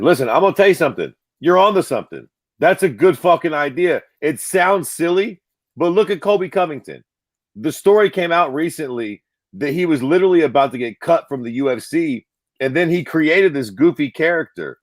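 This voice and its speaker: Emphatic, cussing podcast co-host. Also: male voice, fairly high pitch, no echo. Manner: emphatic, profane, laughing banter. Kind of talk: casual podcast chat.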